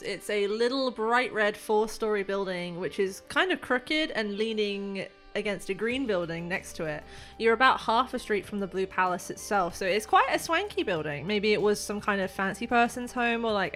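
A woman's voice: mid-range voice, lively intonation, moderate pace, hardly any pauses, fairly bright tone, soft background music. A woman narrating as game master in a chatty, giggly way.

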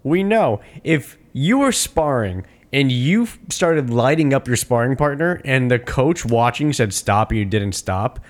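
A man co-hosting a casual movie podcast, swearing freely and acting out scenes in high mocking voices. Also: lively intonation, a little slow, hardly any pauses. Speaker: podcast co-host.

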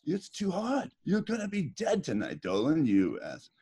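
A man imitating a gruff, foul-mouthed older male swim coach who barks and swears. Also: on the high side, wildly swooping pitch, normal speed, dark tone, pitched above the performer's own voice, exaggerated voice. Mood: furious. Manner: barking, swearing, scolding.

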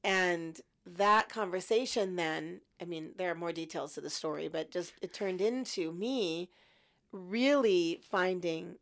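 A woman in her fifties recounting her story as an interview guest, reflective and lively when quoting her past thoughts. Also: fairly low pitch, measured pace. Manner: reflective, animated in quoted thoughts.

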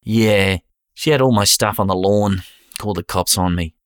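A man's voice: fairly low pitch, normal speed, clear, resonant tone, no echo, clean studio sound, lightly acted. A man voicing a sheepish, laid-back Australian husband who talks in casual slang, with an Australian accent. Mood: defensive. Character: sheepish Aussie husband, middle-aged man.

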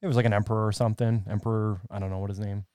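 A man's voice: on the low side, little pitch movement, very fast, mellow, clear, resonant tone, dry recording. A man co-hosting a podcast in casual chat, rambling loosely through half-remembered facts and laughing often.

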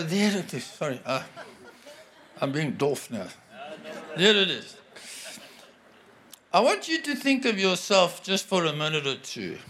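Guy preaching, earnest and chatty, kinda high voice, stops and restarts a lot. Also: sharp tone. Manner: earnest, conversational, with halting restarts. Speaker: guest preacher. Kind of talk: sermon.

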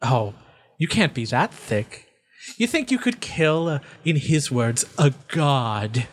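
A bodiless female voice speaks out of the void in a tabletop game, gloating and mocking in a middle-pitched tone, as a man plays her. She relishes every bit of suffering she hears about. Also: sing-song, slow. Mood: taunting. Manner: taunting, relishing others' pain. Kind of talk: tabletop role-play voice acting.

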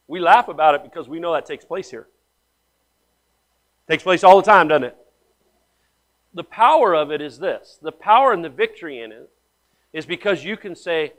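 A male pastor preaching with animated storytelling, dropping to hushed asides and then rising loud for emphasis. His talk is blunt and slangy, full of casual address to the congregation, carried on a somewhat high voice. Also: moderate pace, pauses often. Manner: blunt, slangy, calls listeners man and guys. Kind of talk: sermon.

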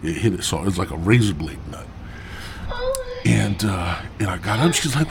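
A man's voice: on the low side, moderate pace, crowd noise. A man hosting a podcast, telling a crude comic story in a profane, rambling way. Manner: profane, rambling, animated retelling. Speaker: podcast host.

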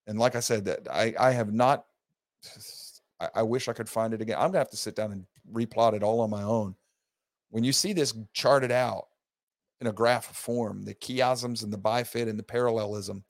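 A man's voice: lowish voice, gravelly, no room sound. A man teaching a recorded Bible study class, talking emphatically and stressing his points, often restarting mid-word.

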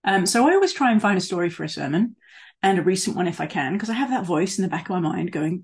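A woman's voice: medium pitch, expressive, quick pace, a little mellow, slightly rough. A woman preaching a sermon in a conversational way, with fillers and asides, and leaning hard on words she stresses.

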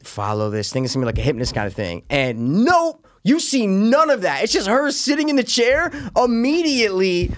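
Excitable, swearing man in casual film chat. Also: sits high, a little fast, hardly any pauses, no echo, studio quality. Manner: excitable, swears often, acts out scenes in voices. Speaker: film reviewer.

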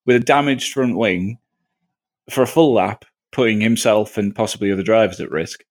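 A man hosts a relaxed panel discussion at a middle pitch, and his voice swings widely up and down. He steers the talk to each guest in turn and throws in quick jokes along the way. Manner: jokey, lively, moves the talk along. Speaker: podcast host.

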